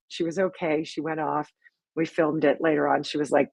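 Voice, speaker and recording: This is a middle-aged woman hosting a casual live stream about making her comedy sketches. Her voice sits on the low side and has a husky, breathy edge. The sound is dry and close, with no room echo, and she talks in a loose, rambling way full of fillers. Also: fairly even intonation, a little fast, darkish tone. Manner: chatty, rambling storytelling with many fillers. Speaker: sketch comedy creator and host.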